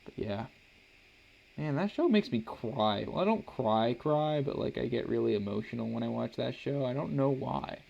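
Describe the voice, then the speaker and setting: A man's voice: mid-range voice, lively intonation, normal speed, vocal fry, darkish tone, lo-fi sound. A young man, a father, chatting casually and rambling with many restarts while he draws on a live stream. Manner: rambling, hesitant, full of restarts and "like". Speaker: artist streaming a drawing session.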